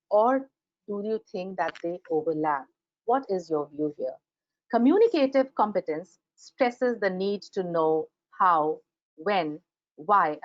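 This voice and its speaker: With a mid-range voice and an Indian English accent, a woman presents a grammar webinar lecture, bringing example sentences to life by acting them out in an animated way. A video-call computer microphone picks her up, giving a dry but dull-sounding recording.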